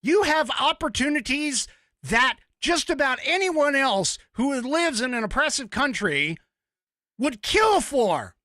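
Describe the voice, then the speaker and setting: Angry ranting man, forceful and lively. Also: very high voice, slow, no echo, studio quality. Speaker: podcast host. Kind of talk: opinion podcast monologue.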